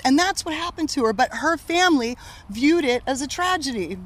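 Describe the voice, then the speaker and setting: A woman working as a medium, telling stories in an animated, casual conversation with frequent laughter. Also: sits high, fairly quick.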